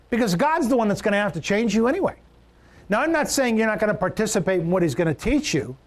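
A man preaching a sermon, emphatic, repeating key phrases and swinging his pitch for stress. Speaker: pastor.

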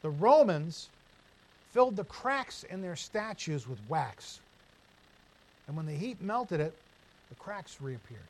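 A man's voice: on the high side, slow, pauses often, poor audio. A male pastor preaching a sermon, telling stories and asking rhetorical questions. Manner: storytelling, animated, asks the room rhetorical questions.

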